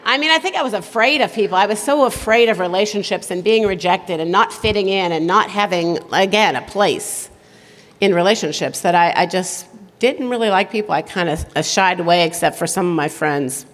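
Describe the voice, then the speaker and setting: A middle-aged woman giving a conversational, self-deprecating sermon at a conference, chatty and quick to laugh. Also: medium pitch. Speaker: speaker at a women's conference. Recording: long hall reverb.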